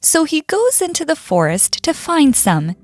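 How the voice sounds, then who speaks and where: A woman narrating a children's fable in an expressive read-aloud style. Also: sits high, measured pace. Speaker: storyteller. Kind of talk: scripted storybook narration.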